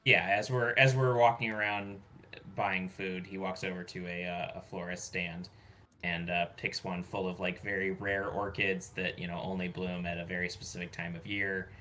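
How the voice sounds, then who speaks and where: A man's voice: deep voice, little pitch movement, normal speed, pushed and bright, a little hiss or hum. A man playing a tabletop role-playing game, describing actions hesitantly with many fillers. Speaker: player.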